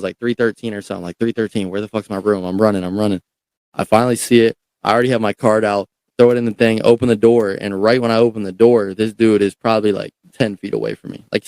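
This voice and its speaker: A young man recounts a story as a podcast guest, talking casually and swearing freely. His voice sits on the low side, and the recording is dry and close with no room sound. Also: dry recording. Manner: animated, profane, repeats words.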